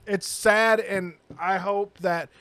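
A young man co-hosting a podcast, ranting loudly and profanely in casual comedic chat. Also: sits high, steady tone, takes it slowly. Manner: loud, profane, mock-outraged ranting. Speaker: podcast co-host.

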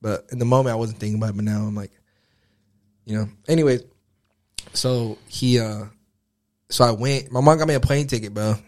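A man's voice: mid-range voice, fairly even intonation, a little fast, pauses often, darkish tone. A young man telling a personal story in a casual podcast chat, rambling and profane, full of filler words. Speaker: guest.

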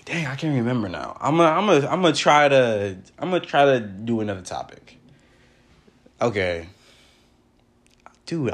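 A young man talks off the top of his head, wandering from topic to topic in relaxed slang. His pitch swings up and down a lot, with frequent laughs breaking in. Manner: rambling, loose slangy talk, laughs often. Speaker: podcast host. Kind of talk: casual solo podcast monologue.

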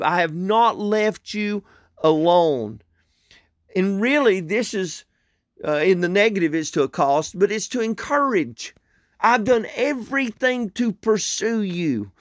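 A man's voice: high voice, no room sound, clean studio sound. A man preaching an expository sermon, earnest and pleading, repeating phrases for emphasis.

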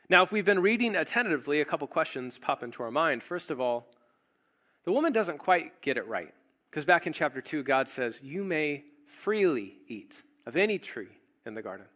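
A man's voice: a little high, big pitch swings, fairly quick, a bit bright. A man preaching a sermon, retelling a story and acting out the quoted voices. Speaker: pastor.

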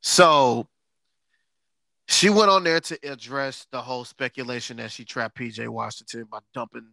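A man hosting a podcast in casual chat, sarcastic and quick to laugh, stretching words for emphasis. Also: medium pitch, gravelly, pushed and bright, no echo. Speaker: podcast host.

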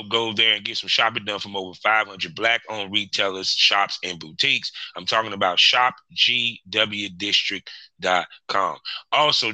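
A male podcast host with a lowish voice that still comes across very bright and forceful. He talks in a loose, chummy way, repeating his phrases as he chats and runs through sponsor reads. The sound is dry and close. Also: dry recording, rough recording.

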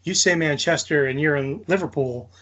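Casting: New Jersey man, raised pitch, animated and emphatic in casual chat. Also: normal speed, dull audio, a crowd in the background.

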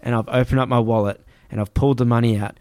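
A man's voice: mid-range voice, fast talker, dry recording. Man telling a story. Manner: animated, swearing, acts out voices. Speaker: guest telling a travel story. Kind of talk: casual storytelling.

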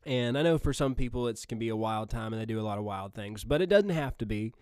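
A man's voice: medium pitch, expressive, quick pace, darkish tone, clear, resonant tone, dry recording, clean studio sound. A man with a Southern Missouri accent, hosting a podcast and preaching in a casual, earnest way full of fillers and restarts.

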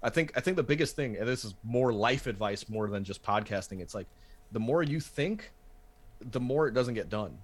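A man's voice: medium pitch, expressive, moderate pace. A man who hosts a wrestling podcast, talking casually and animatedly, swearing and restarting his sentences.

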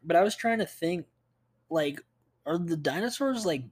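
A man's voice: a little high, animated, moderate pace. A young man co-hosting a casual podcast, laid-back and chuckling, with sarcastic asides. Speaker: podcast co-host. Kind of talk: casual chat.

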